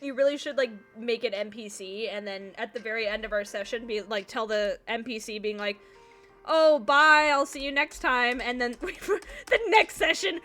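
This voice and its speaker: A woman's voice: on the high side, expressive, moderate pace, few pauses, fairly bright tone, soft background music. A woman streaming a video game, chatting casually and sleepily, swearing freely and laughing often. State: sleepy, yawning. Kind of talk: casual chat while playing a video game.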